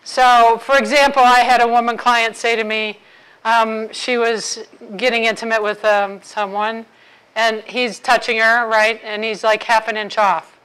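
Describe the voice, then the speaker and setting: A woman's voice: on the high side, flat delivery, unhurried, fairly bright tone, clear, resonant tone, rough recording. A woman author giving a humorous talk to a live audience, playfully quizzing the crowd. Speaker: author and intimacy speaker.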